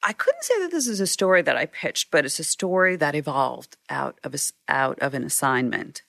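A woman photographer telling stories in an interview, animated and acting out what people said, with frequent restarts. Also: sits low, a little fast, gravelly, dry recording, clean studio sound. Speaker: news photographer. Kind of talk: storytelling in a sit-down interview.

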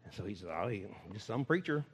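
A Texan preacher tells stories from the pulpit in a folksy, laughing way. His pitch swings widely, and his voice has a slightly husky edge. The sound rings with the long echo of a large hall. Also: quick pace, lo-fi sound. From Texas. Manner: folksy, laughing, animated storytelling. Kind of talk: sermon storytelling. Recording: echoey hall.

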